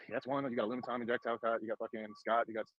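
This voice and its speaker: A man's voice: mid-range voice, little pitch movement, racing, no echo, muffled recording. A man on a casual panel, talking in a matter-of-fact, dry way. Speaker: panel guest. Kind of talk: casual chat.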